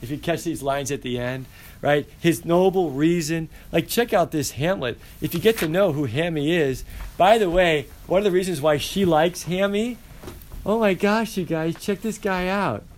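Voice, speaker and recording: A male teacher giving an animated, playful class lecture and asking his students questions. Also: on the high side, moderate pace, slight background noise. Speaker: high school teacher.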